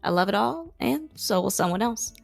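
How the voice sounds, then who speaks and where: Very creaky-voiced woman podcast host. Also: mid-range voice, expressive, normal speed, soft background music. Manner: upbeat, affirming, wraps up with scripted outro. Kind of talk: conversational podcast interview.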